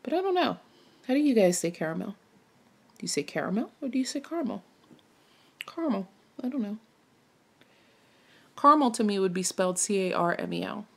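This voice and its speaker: A woman's voice: medium pitch, very animated, brisk, long pauses. A woman from Maryland chatting casually while she stitches, rambling and musing aloud with lots of self-questions. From Maryland, United States. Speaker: cross-stitch vlogger.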